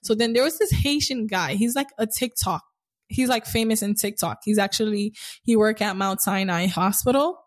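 A woman's voice: mid-range voice, normal speed. A woman in her twenties chatting casually, telling stories and acting out the voices of people in them. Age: 20s. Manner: animated storyteller, acts out quotes. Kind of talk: casual chat.

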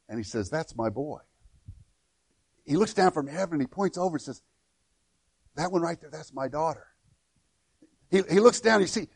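A man's voice: on the high side, no room sound. A middle-aged man pastor giving a conversational sermon, with frequent restarts and repeated words.

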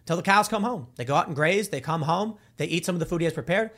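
Man, talkative, joking, animated intonation, mid-high pitch, casual rant. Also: fast talker. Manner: animated, joking, acts out quoted voices. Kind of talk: casual opinion monologue.

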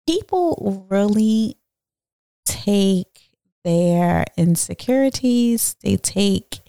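A woman hosting her own podcast, telling a personal story in a blunt, animated way, swearing freely and talking straight to her listeners. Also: mid-range voice, vocal fry, dry recording, clean studio sound. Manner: speaks directly to listeners. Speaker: podcast host. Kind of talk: casual storytelling monologue.

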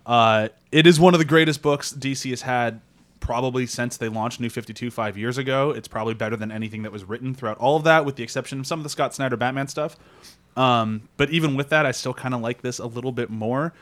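A man hosting a casual podcast, talking excitedly and laughing often. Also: mid-range voice, fast. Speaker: podcast host.

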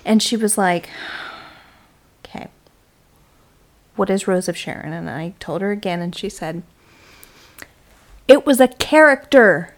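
A woman in her thirties co-hosting a podcast, telling a story in a casual, animated, self-mocking way. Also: fairly low pitch, measured pace, long pauses. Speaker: podcast co-host. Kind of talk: casual chat.

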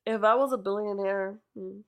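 A woman as a podcast guest, chatting casually and teasing her partner, quick to laugh. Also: medium pitch, fairly even intonation, smooth. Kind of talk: casual chat.

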